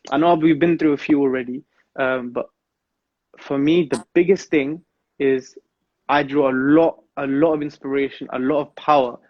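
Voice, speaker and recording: A man's voice: medium pitch, fairly even intonation, normal speed, no echo, dull audio. A man giving an earnest devotional talk as a guest on a live stream, mixing in Punjabi phrases.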